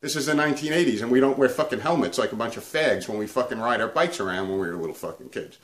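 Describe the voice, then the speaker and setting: A man's voice: medium pitch, expressive, fast. A man hosting a comedic guitar video, ranting crudely and swearing nonstop. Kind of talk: profane comedic rant to camera.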